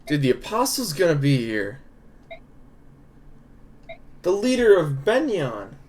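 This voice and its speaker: A man's voice: on the high side, big pitch swings, takes it slowly, darkish tone, slight background noise. Casual swearing male game streamer. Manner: loose, swearing, chuckling asides. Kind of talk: casual live-stream gaming commentary.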